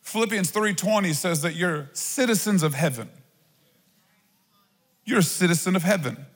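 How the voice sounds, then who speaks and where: Man, pastor, sermon, conversational asides, high voice, long hall reverb. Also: moderate pace, breathy edge. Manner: animated, conversational preaching with asides. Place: church auditorium.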